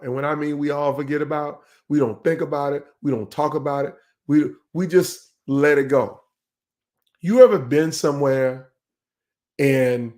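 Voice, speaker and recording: A man's voice: medium pitch, a little mellow. A middle-aged man hosting a live online leadership session, speaking in a conversational, emphatic way and often repeating words as he goes.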